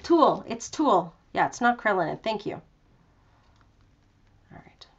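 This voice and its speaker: A woman's voice: medium pitch, very animated, brisk, dull audio, background noise. Chatty woman demonstrating a craft project. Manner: chatty, self-deprecating, lots of fillers. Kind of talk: live online craft tutorial. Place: home craft room.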